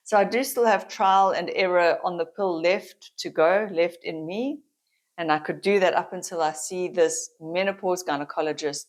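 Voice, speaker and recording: A middle-aged woman with a South African accent talks to camera in a relaxed, confiding vlog chat. Her voice sits a little low, and she often breaks into laughter between thoughts. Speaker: vlogger.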